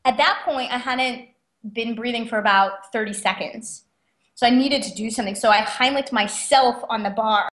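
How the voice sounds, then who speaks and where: A young adult woman, a guest author, telling stories in a chatty, animated way and laughing often. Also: a little high, normal speed. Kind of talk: casual interview storytelling. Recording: roomy echo.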